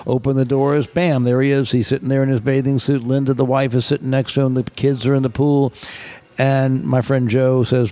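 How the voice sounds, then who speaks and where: Casting note: gravelly-voiced male guest, lively storyteller, casual podcast chat. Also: medium pitch, fairly quick. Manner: animated anecdote teller, acts out quotes. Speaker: guest photographer.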